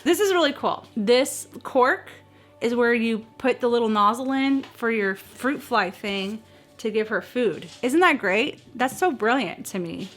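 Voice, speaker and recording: A middle-aged woman chatting casually at home in a vlog, excitable and gushing, often squealing. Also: a little high, measured pace, soft background music. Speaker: vlogger. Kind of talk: casual chat.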